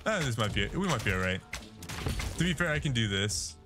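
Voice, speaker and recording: A man's voice: mid-range voice, big pitch swings, fairly quick, music in the background. A man giving casual, jokey, self-deprecating commentary while playing a video game. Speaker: gameplay streamer. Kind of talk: casual let's-play commentary.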